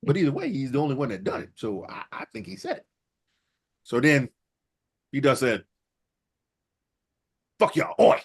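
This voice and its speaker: A man co-hosting a casual comedy wrestling talk show, retelling events and acting out the wrestlers' lines with profane, animated delivery. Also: medium pitch, fairly quick, gravelly, pauses often, breathy edge. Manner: animated, acts out quotes in exaggerated voices, profane. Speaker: podcast co-host recapping wrestling.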